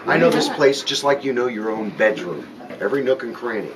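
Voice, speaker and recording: A man's voice: medium pitch, expressive, a little fast. A man in his forties with a Southern US accent, an airboat tour captain telling a story to passengers in a folksy, joking, dramatic way. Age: 40s. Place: outdoors on an airboat in the swamp. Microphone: tourist's camera some distance away. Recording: distant voice with outdoor noise.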